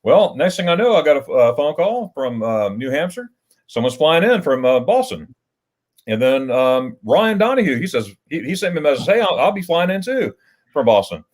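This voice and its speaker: A man's voice: a little high, very animated, moderate pace. A man hosting a casual livestream chat, telling rambling stories with restarts and chuckles. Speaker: livestream host.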